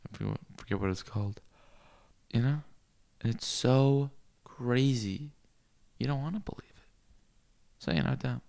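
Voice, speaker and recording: A man rambling through a crude comic monologue, cursing freely and swinging into loud rants. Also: mid-range voice, sing-song, measured pace, gravelly, long pauses.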